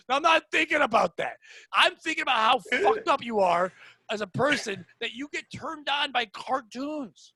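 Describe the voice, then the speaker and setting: A man with a high, bright voice co-hosting a comedy podcast, swinging into loud, mock-outraged rants. The sound is dry and close, with no room around it. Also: animated, normal speed, no echo. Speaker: podcast co-host. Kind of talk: casual comedic chat.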